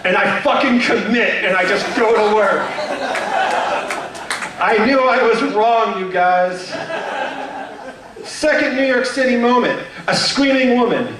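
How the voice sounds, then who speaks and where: A young man with a high-pitched voice tells nervous, self-deprecating stand-up stories, stumbling through fillers and restarts. His voice rings out in a heavily echoing club room. The mic sounds a little distant. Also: expressive, measured pace, pauses often, a crowd in the background. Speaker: stand-up comedian. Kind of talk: stand-up comedy set. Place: comedy club stage.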